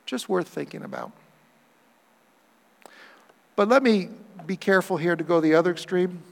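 High-voiced pastor preaching in a reverberant hall. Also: male voice, normal speed, gravelly. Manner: animated preaching, acts out quoted voices for humor. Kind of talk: sermon.

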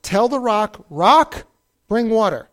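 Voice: medium pitch, expressive, takes it slowly, a bit bright. A Bible teacher briefly voicing God, giving an instruction in a firm, emphatic way. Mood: commanding. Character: God speaking commandingly to a prophet.

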